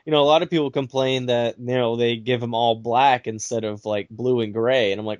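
A man's voice: medium pitch, fairly even intonation, a little fast, few pauses, no echo, clean studio sound. A man co-hosting a casual podcast, blunt and joking, with some swearing. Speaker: podcast co-host.

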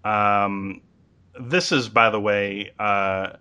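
A man's voice: on the low side, steady tone, extremely slow, pushed and bright, clean tone. A man casually recapping a TV episode as a podcast host, chatty with lots of ums and uhs.

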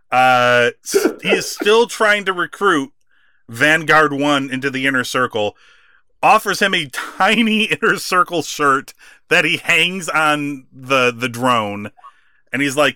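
A man co-hosting a wrestling podcast, chatting casually, laughing often and acting out quotes with animated bursts. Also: on the high side, takes it slowly, clean tone, no echo, studio quality. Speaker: podcast co-host.

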